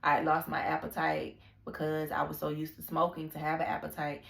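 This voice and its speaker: A woman's voice: sits low, monotone, a little fast, gravelly, a bit bright, reverberant. A young woman talking candidly in a casual personal vlog, confiding and full of slang and fillers. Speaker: vlogger.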